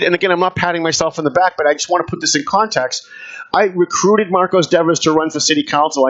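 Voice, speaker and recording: A man holds forth as a talk show host in a combative, emphatic monologue. He hammers his points home in a voice pitched a bit high. The recording sounds dull and lo-fi. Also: a bit bright. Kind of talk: opinion monologue.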